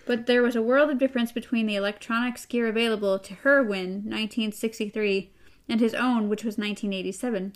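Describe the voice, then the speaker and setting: A woman's voice: on the high side, steady tone, fairly quick. A woman taking turns reading a novel aloud in a chatty, casual way. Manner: chatty, laughs between passages. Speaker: co-reader.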